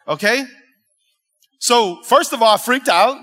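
A male pastor preaching a sermon in a church, telling a story in an animated, emphatic way and talking directly with the congregation. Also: very high voice, a little slow, pauses often. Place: church sanctuary.

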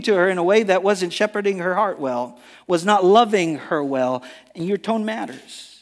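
A man's voice: high voice, lively intonation, normal speed. A male pastor preaching a sermon in a church, earnest and emphatic, often restarting his words. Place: church sanctuary. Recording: long reverb of a large church hall.

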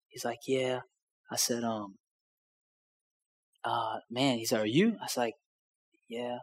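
A man's voice: medium pitch, measured pace, pauses often. A man, preaching as a pastor and acting out the voices in a personal story. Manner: animated storyteller, acts out dialogue. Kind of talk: sermon storytelling. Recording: long hall reverb.

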